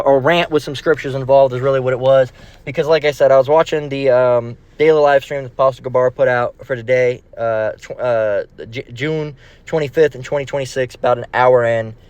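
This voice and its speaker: A man's voice: medium pitch, clear, resonant tone. A man giving a rambling, profane screen-share lesson, repeating himself as he goes.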